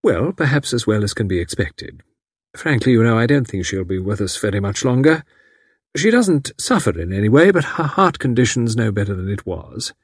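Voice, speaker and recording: A man voicing a calm, competent middle-aged woman who talks cheerfully and comfortably. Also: lowish voice, moderate pace, breathy edge, no room sound, studio quality. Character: calm competent matron of about fifty.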